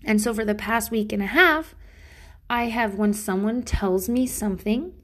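A woman's voice: on the high side, normal speed, fairly bright tone. A woman, a mother, talking casually to her audience in a rambling, profane, self-mocking way from a bathroom at home. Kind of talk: casual solo monologue.

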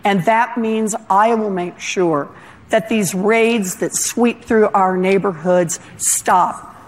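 A woman candidate giving a slow, measured campaign speech. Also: medium pitch. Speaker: political candidate. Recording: reverberant hall with crowd.

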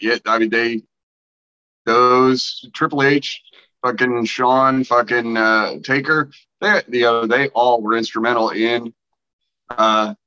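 A man co-hosting a podcast in casual chat, profane and excitable, sliding from low muttering to loud rants. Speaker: podcast co-host. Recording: dull lo-fi sound.

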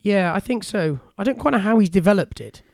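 A man co-hosting a casual podcast, chatty and quick to argue. His voice sits high and swoops up and down a lot as he talks. The sound is dry and close. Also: expressive, vocal fry, a little mellow, dry recording. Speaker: podcast co-host. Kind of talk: casual chat.

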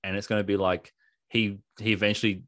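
Low-voiced man in animated wrestling chat. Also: fairly quick, no room sound, clean studio sound. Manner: animated, sarcastic, laughs often. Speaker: podcast co-host.

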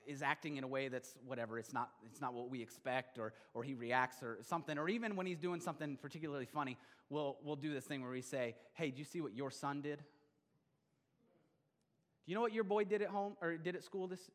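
Male pastor, sermon, slightly high voice, long church reverb, animated then hushed. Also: a little fast. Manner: animated preaching, swinging between loud emphasis and quiet intimacy. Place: church sanctuary.

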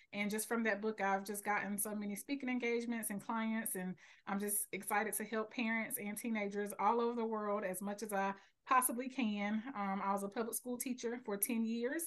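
Woman, 30s, Southern US accent, coach, earnest, laughs easily, medium pitch. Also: a bit bright. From North Carolina. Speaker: teen and parent coach, podcast guest. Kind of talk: interview answers.

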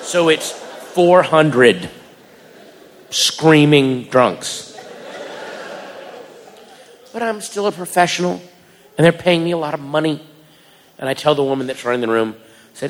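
A man doing stand-up, telling a story in an animated way, acting out voices and shouting punchlines. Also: a little high, unhurried, pauses often. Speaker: stand-up comedian. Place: comedy venue before a live audience. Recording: live room with long reverb and crowd. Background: audience laughter and crowd noise.

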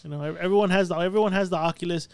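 A man's voice: high-pitched, steady tone, racing, vocal fry, clear, resonant tone, dry recording. A man co-hosting a podcast in casual, crude, joking banter with friends. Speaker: podcast co-host. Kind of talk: casual chat.

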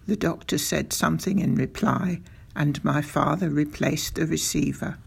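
An audiobook narrator reading a children's novel aloud in first person, in an unhurried, even storytelling manner. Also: medium pitch, gravelly, husky.

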